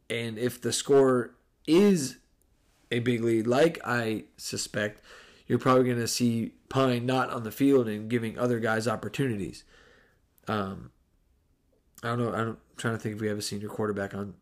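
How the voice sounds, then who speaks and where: Brief: man, podcast host answering listener questions; loose, rambling delivery, quick to laugh. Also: medium pitch. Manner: rambling, laughs easily, breaks off mid-sentence. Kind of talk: casual podcast Q&A.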